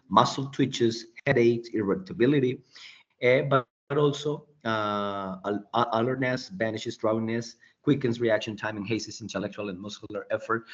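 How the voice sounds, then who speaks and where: A man's voice: mid-range voice, fairly bright tone. Man teaching English on a dull video call. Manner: explanatory, checking in with frequent "right?". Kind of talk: online class walkthrough. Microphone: computer mic on a video call. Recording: dull lo-fi meeting recording.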